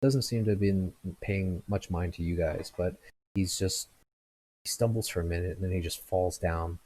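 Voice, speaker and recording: Low husky man running a tabletop game. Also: normal speed, dark tone, poor audio. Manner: hesitant, filler-heavy narration. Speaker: game master.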